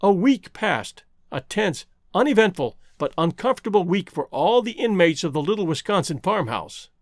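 A man narrating a classic novel as an audiobook in a measured, expressive reading. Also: high-pitched, no echo, studio quality.

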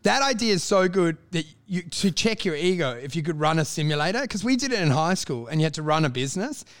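A man co-hosting a casual podcast chat, animated, swearing freely and mimicking people. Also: a little high, fast talker.

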